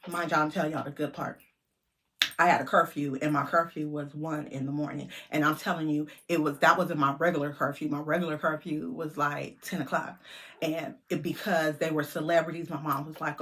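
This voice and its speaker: A middle-aged woman vlogger telling a lively story to her viewers, chatty and animated. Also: deep voice, moderate pace.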